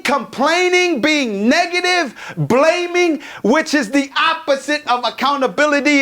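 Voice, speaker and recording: A man from California giving a motivational keynote, energetic and profane, joking with the crowd in a conference hall. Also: extremely high pitch. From Pomona, California. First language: Tongan. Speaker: keynote speaker.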